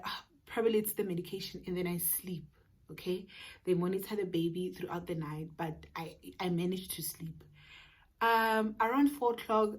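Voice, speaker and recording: South African woman telling a storytime vlog. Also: mid-range voice. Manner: earnest retelling with emphatic repetition. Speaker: vlogger.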